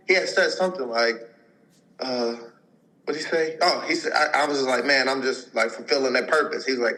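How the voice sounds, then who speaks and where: This man in his twenties, a professional football player guesting on a podcast, rambles through a lengthy personal story with plenty of fillers and acted-out quotes from others. His mid-range voice is brisk, pushed and bright, and the recording quality is low.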